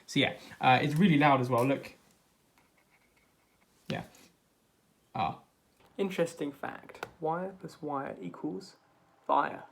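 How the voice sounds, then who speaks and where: A man's voice: fairly high pitch, slow, gravelly, pauses often, a little hiss or hum. Upbeat man explaining his gadget. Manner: upbeat, explains step by step while tinkering. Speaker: maker demonstrating a project. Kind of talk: casual DIY vlog narration. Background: faint background music.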